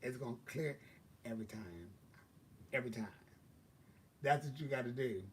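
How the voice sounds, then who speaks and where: A man's voice: mid-range voice, moderate pace, distant mic, a little hiss or hum. A man telling a long story on his own live stream, casual and profane, with lots of fillers. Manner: profane, drawling, chatty with many fillers. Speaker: livestream host.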